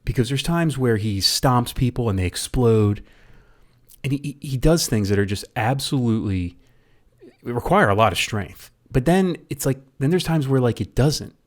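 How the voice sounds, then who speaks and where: A man's voice: mid-range voice, lively intonation, normal speed. A man reviewing a movie in a casual rant, rambling and often stumbling over and repeating his words.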